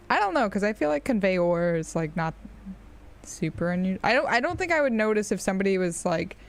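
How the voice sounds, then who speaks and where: A woman with an American accent chatting casually on a live stream while gaming, rambling and laughing often. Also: on the low side.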